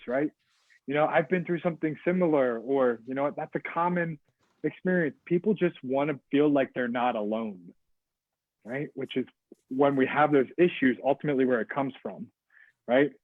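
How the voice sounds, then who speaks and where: A man giving an energetic, interactive webinar presentation on service and leadership, often checking in with his audience. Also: mid-range voice, no echo. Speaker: guest speaker on service and leadership. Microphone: video call. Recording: tinny phone-like video call audio.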